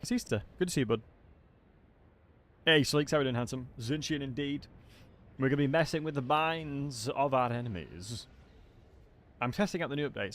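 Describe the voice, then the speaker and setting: A man with a non-southern English accent chats casually on a live game stream, greeting viewers by name between bursts of commentary. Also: medium pitch. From England. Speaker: gaming livestreamer.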